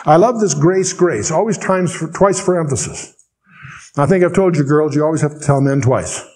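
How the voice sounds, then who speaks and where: Older man teaching scripture, dry humor. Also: fairly high pitch. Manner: reads scripture slowly, then explains with dry asides. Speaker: Bible teacher. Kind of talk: verse-by-verse Bible teaching.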